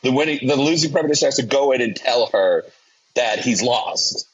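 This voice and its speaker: Husky man, joking podcast host. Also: mid-range voice, expressive, normal speed. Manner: joking, profane, laughs a lot. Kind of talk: casual chat. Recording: dull lo-fi sound.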